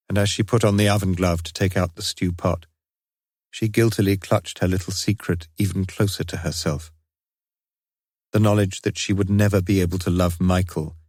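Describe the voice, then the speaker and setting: A male audiobook narrator reads a script in a low voice with a darkish tone. The studio recording is clean, with no room sound.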